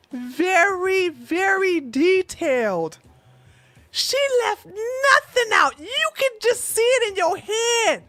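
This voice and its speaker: Lively high-voiced woman streamer. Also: no room sound. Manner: animated, laughing, talking back to chat. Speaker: livestream host. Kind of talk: casual livestream chat with viewers.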